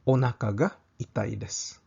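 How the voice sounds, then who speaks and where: Gravelly, husky man teaching language slowly. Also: medium pitch, steady tone, darkish tone, highs cut off. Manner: slow, careful, repeats each example twice for practice. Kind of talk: recorded language lesson.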